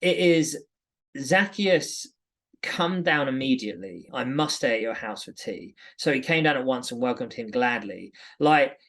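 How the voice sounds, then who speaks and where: A man from Britain co-hosting a podcast, giving a chatty, animated Bible commentary full of asides. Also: mid-range voice, measured pace. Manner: chatty, animated storytelling with many "like"s. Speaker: podcast co-host. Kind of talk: casual Bible commentary chat.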